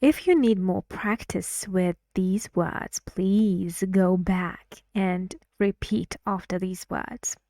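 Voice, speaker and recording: A woman leads a pronunciation lesson, speaking slowly and sounding each phrase out so learners can copy it. Her voice sits at a middle pitch, and the recording is dry with no room sound. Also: dark tone, no echo. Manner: slow, repeats words to model stress and intonation. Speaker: English pronunciation teacher.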